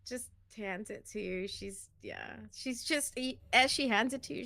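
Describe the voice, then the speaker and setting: A woman's voice: on the high side, a little slow, vocal fry, few pauses, bright, forceful tone, slight background noise. A woman playing a tabletop game, speaking hesitantly and restarting her sentences. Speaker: player.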